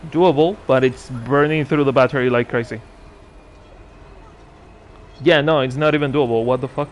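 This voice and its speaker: A man's voice: mid-range voice, steady tone, normal speed, slight background noise. A man giving casual gameplay commentary as a streamer, chatting and muttering asides to himself with dry sarcasm. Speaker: gaming streamer.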